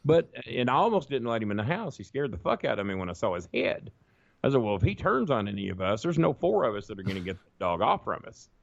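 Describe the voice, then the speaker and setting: A man's voice: mid-range voice, sing-song, fast talker, creaky, no room sound. A middle-aged man, rambling through profane anecdotes on a podcast and acting out what other people said. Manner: profane, rambling anecdotes, acts out quoted voices. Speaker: podcast guest. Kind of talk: casual storytelling chat. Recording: dull lo-fi dry sound.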